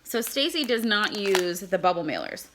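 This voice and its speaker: A woman's voice: mid-range voice, sing-song, moderate pace, background noise. A woman giving a casual how-to demonstration, chatting as she packs and handles mail. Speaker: product seller.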